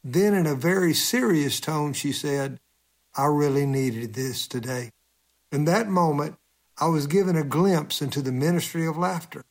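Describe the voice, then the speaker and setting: A man's voice: on the high side, moderate pace, creaky. A male humorist telling a funny personal story for a radio feature, chuckling as he talks.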